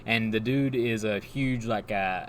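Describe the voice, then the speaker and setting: A man's voice: on the low side, measured pace, a bit bright, slight background noise. A man in casual chat, rambling through an enthusiastic plot recap and laughing along. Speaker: podcast co-host.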